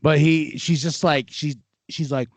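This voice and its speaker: A man's voice: a little high, a little slow, dry recording. A man co-hosting a podcast in casual chat, telling a story with many stammered restarts and putting on voices for the people in it. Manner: animated storyteller who puts on voices for the people he describes. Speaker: podcast co-host.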